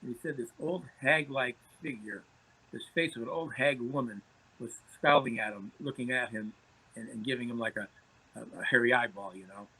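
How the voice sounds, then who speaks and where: A male podcast guest tells anecdotes in conversation, often repeating words as he starts his phrases. His voice is mid-range, sharp, and husky at a moderate pace, captured in a low-quality recording.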